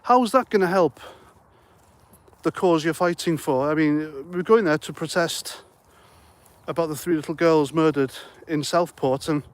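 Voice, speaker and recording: Here a middle-aged man hosts a relaxed livestream, reading out comments and rambling with jokes. He speaks a little slowly in a voice on the high side, a bit short of breath.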